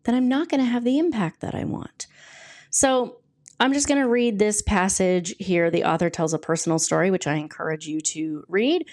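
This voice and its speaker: A woman's voice: mid-range voice, a little mellow. Woman coach doing a solo podcast, chatty and self-deprecating, reads bits from a book. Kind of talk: casual solo podcast talk.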